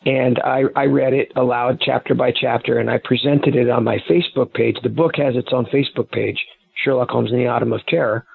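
Guest: gravelly, husky man, earnest and long-winded, tinny phone line. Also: mid-range voice, steady tone, brisk. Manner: earnest, explains at length with restarts. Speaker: author and private investigator guest. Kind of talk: casual interview talk. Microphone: phone call.

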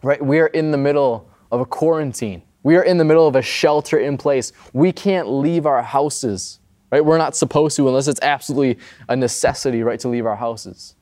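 A pastor giving a casual, conversational sermon, often checking in with the listener. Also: male voice, mid-range voice, fairly quick, darkish tone. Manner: conversational, often adds "right?".

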